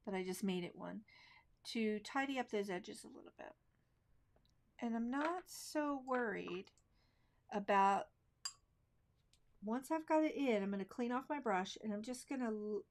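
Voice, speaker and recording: A woman teaching card making in a live craft demonstration, chatting loosely and thinking aloud as she works. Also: medium pitch. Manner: relaxed, chatty, thinks aloud while working; slow, drawn-out phrasing.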